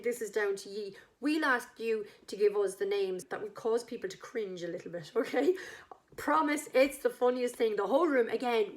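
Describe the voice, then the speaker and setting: An Irish woman chatting enthusiastically, pitching her wedding act to a couple and acting out the characters' lines. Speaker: wedding entertainment business owner. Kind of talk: casual sales pitch to a couple.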